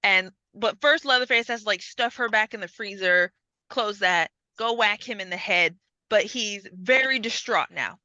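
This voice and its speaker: A woman's voice: medium pitch, moderate pace, sharp tone, no room sound, dull audio. A woman hosting a podcast, chatting casually, swearing freely and acting out lines as she retells a story. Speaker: podcast host. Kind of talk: casual chat.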